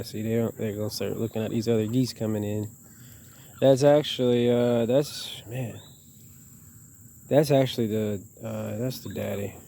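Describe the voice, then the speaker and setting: A man's voice: medium pitch, dark tone, a little hiss or hum. A man vlogging outdoors by a pond, chatting loosely as he films the birds on a handheld camera. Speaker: wildlife vlogger. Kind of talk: casual outdoor narration.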